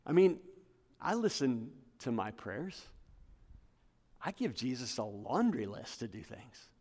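A man preaching a sermon to his congregation, building to emphatic peaks and dropping to quiet asides. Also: sing-song, slow. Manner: passionate, rising to emphatic peaks then dropping low. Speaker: pastor. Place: church hall with congregation. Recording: long hall reverb.

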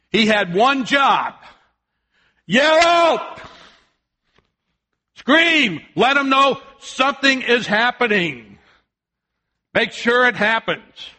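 Older man, preacher, high voice, bright tone, folksy storytelling, shouted warnings and hushed appeals. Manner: swings from loud shouted warnings to soft quiet appeals. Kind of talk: sermon.

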